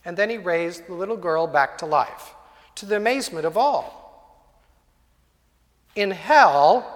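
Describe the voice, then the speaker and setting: A man's voice: sits high, a bit bright. A male preacher telling a story in a sermon, vivid and dramatic, in a church hall. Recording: long hall reverb.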